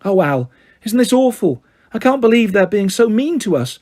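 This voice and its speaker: A man's voice: high voice, very animated, moderate pace, a little mellow, voice pushed up. A man voicing a bold, impulsive young schoolgirl who talks in a pleading, dramatic way, reading a storybook aloud.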